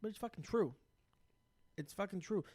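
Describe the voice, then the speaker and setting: A man co-hosting a casual podcast, telling stories in an animated, profane way. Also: sits high, normal speed, no echo. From United States. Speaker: podcast co-host. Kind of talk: casual chat.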